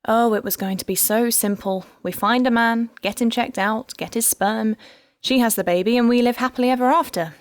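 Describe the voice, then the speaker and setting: A woman's voice: fairly high pitch, a little fast, no echo, studio quality, voice pushed up, lightly acted. A woman voicing a rueful detective. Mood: wistful. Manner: wry, rueful storytelling. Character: bitter heartbroken woman police detective.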